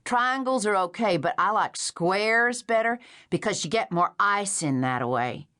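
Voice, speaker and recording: A woman's voice: medium pitch, expressive, unhurried, bright, forceful tone, voice pushed up. A woman narrator voicing a wet, hungry grown man with a childlike, plaintive manner and a Missouri backwoods drawl, in an audiobook. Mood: pleading. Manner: drawling, simple, pleading. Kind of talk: audiobook character voice.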